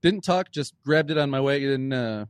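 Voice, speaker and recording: A man's voice: medium pitch, animated, moderate pace, no room sound, clean studio sound. A man hosting a podcast, chatting in a friendly, curious way and adding little asides. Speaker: podcast host. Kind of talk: casual interview chat.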